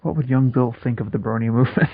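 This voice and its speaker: A man's voice: mid-range voice, fairly even intonation, quick pace, breathy edge. A young man co-hosting a podcast, joking along in a dry, laid-back way. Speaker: podcast co-host. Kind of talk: crude comedy banter. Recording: dull lo-fi mic.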